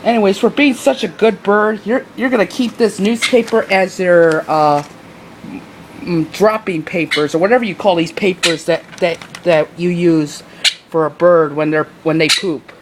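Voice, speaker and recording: A man's voice: steady tone, moderate pace. A man rambling casually in a home video, often restarting his sentences. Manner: rambling, with many restarts and fillers; switches into high cooing baby talk for the bird. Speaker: video maker talking to his pet bird. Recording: noisy home recording.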